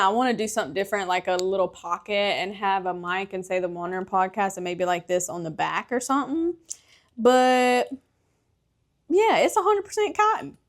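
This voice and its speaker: A young woman hosting her own podcast, chatting candidly about her life and travels, laughing often and swearing freely. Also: mid-range voice. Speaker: podcast host. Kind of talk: casual solo podcast chat.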